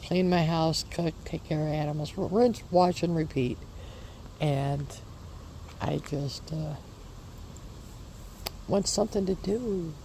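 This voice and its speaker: A woman's voice: low-pitched, slow pace, long pauses, warm tone, a little hiss or hum. A woman chatting casually in her vlog, rambling and repeating her reassurances, recorded outdoors in a garden. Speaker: homesteading vlogger.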